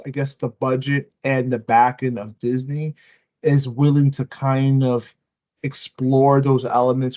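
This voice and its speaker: Excitable rambling male podcast co-host. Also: mid-range voice, highs cut off. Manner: rambling, excited, many restarts. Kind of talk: casual review chat.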